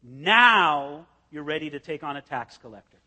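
A man preaching with a high, bright voice that rings through a large hall. He tells the story vividly, stepping into each scene as he explains it. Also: moderate pace. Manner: animated storytelling, acting out scenes. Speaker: pastor. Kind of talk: expository sermon.

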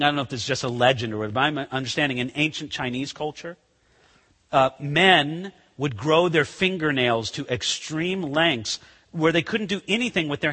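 A male pastor preaches an animated, conversational sermon and acts out scenes as he goes. His voice sits high, swings widely in pitch and sounds bright with a husky edge. Long reverb trails his words through a church sanctuary. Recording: long reverb of a large hall.

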